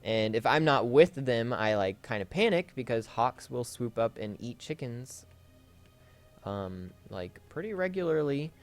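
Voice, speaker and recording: A man's voice: medium pitch, sing-song, a little slow, faint music behind. A man hosting a Let's Play, rambling through a casual story with lots of fillers and self-corrections while he plays.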